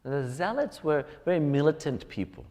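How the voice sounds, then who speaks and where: Guy preaching a sermon in a big echoey church hall, very lively up and down voice. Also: fairly high pitch, normal speed. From United States. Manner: storytelling, rising to emphatic peaks. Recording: long reverb of a church hall.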